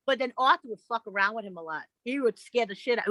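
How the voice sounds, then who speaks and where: A woman, guest on an interview podcast, telling stories in a blunt, profane and animated way, acting out other people's voices. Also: a little high, fast, few pauses, dry recording, rough recording. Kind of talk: casual interview storytelling.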